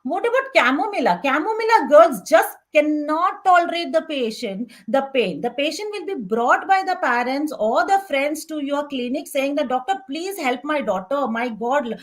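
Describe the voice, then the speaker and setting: A woman's voice: high voice, lively intonation, normal speed, hardly any pauses. A woman with an Indian English accent giving a conference lecture, acting out her patients' voices in quotes.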